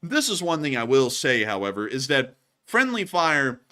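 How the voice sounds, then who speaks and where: Bright-voiced man doing war news talk. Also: medium pitch, moderate pace. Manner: animated, jokey, acts out scenes in silly voices. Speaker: co-host of war news show. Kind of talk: casual news commentary.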